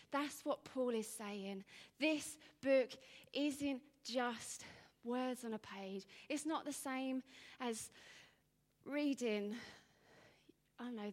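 A woman in her thirties giving an informal, rambling talk, telling stories with bursts of animation and hushed asides. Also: a little high, slow pace, big-room sound. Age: 30s.

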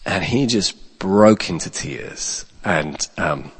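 A male pastor telling a story in a sermon, swinging between loud bursts and hushed asides, with many restarts. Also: lowish voice, lively intonation, normal speed. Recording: long reverb of a large hall.

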